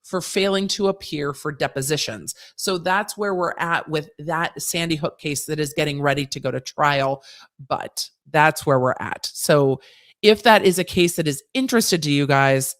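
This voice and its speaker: A low-pitched woman speaks unhurriedly while hosting a legal commentary livestream, chatting breezily through viewer questions. Slangy, sassy asides and frequent restarts pepper her legal talk.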